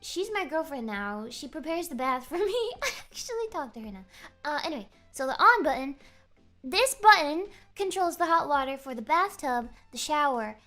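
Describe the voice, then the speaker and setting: Woman, high voice, swooping pitch, joking rambling chat, faint music behind. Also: normal speed. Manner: animated, joking, rambling storyteller. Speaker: VTuber streamer. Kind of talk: casual chat stream.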